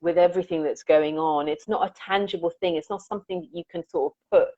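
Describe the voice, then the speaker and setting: In a conversational interview, a woman guest reflects earnestly on her music and tells stories, acting out the lines she quotes. Her fairly low voice moves fast with a dark tone, and the dull, dry audio has no echo, sounding like a remote call.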